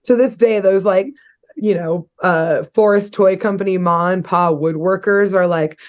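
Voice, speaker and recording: A woman's voice: fairly low pitch, fairly even intonation. Giggly young woman podcast co-host. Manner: giggly, fast, swears freely. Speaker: podcast co-host recapping a cartoon episode. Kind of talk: casual chat.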